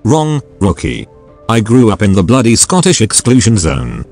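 Drunk masked gang boss ranting and swearing, read by a lowish tts guy voice. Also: wildly swooping pitch, moderate pace, darkish tone, faint music behind, heavily acted. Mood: menacing. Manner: sneering, profane rant. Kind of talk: text-to-speech story reading.

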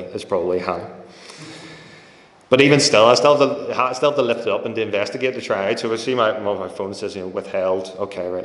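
A man's voice: lowish voice, fairly bright tone. A man preaching a sermon in a church hall, talking in a conversational way and telling stories with quoted voices. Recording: echoey hall with long reverb.

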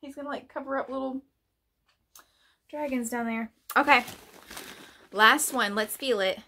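A woman's voice: sits high, a little slow, pushed and bright, slight background noise. A woman vlogger chatting casually through an unboxing, gushing and laughing often.

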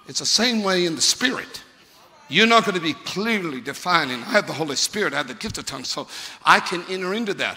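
A man's voice: on the high side, lively intonation, brisk, bright, forceful tone. A man preaching a sermon as a pastor, fervent and conversational, firing rhetorical questions at his congregation. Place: church sanctuary. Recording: long church reverb.

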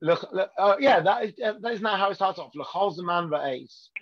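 A rabbi leads an informal class, speaking in a slightly raised register and often pausing to ask "right?". The audio is dull and lo-fi. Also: male voice, high voice. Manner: conversational, keeps checking in with the class. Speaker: rabbi teaching a weekly class. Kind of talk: informal Torah lesson. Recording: dull lo-fi sound.

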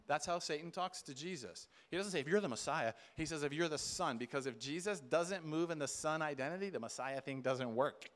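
A man's voice: fairly high pitch, a bit bright. A man giving an emphatic sermon at a conference, acting out quoted voices in bursts. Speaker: conference speaker. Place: conference hall.

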